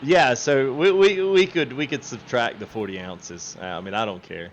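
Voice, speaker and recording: A man's voice: medium pitch, moderate pace, highs cut off, slight background noise. A man hosting a game livestream, chatting casually, laughing often and quoting his viewers. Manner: laughing, chatty, quotes chat. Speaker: livestream host.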